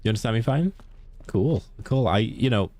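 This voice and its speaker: Chatting with his audience during a game stream, this young man with a Welsh accent calls out viewers by name and laughs easily. He speaks at normal speed in a fairly low, slightly mellow voice with lively intonation.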